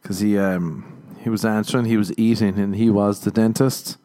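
A man's voice: fairly low pitch, level tone, moderate pace, dark tone. An Irish man hosting a solo comedy podcast, telling rambling self-mocking stories and acting out the dialogue. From Ireland. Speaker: podcast host.

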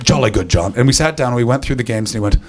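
A man's voice: mid-range voice, very fast, a crowd in the background. Laughing stand-up comedian man. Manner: rambling anecdotes, laughing at own jokes. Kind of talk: stand-up set. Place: comedy venue with live audience.

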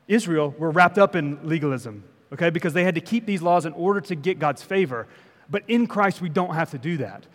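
A man's voice: fairly high pitch, big-room sound. A male pastor giving a conversational sermon, often checking in with the congregation. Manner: conversational preaching, frequent "okay?" check-ins. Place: church sanctuary.

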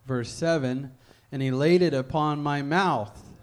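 A man preaching a sermon, reading scripture slowly and deliberately, then leading a fervent prayer. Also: a little high, clear, resonant tone.

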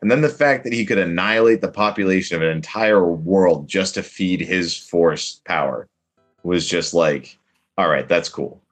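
Male podcast co-host, deep voice, knowledgeable, lively. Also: moderate pace, faint music behind. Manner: knowledgeable, animated, detail-heavy. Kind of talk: casual chat.

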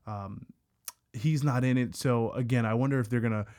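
A man's voice: medium pitch, steady tone, normal speed, a little mellow. A man co-hosting a casual podcast, talking in rambling stretches with stammered restarts. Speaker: podcast co-host.

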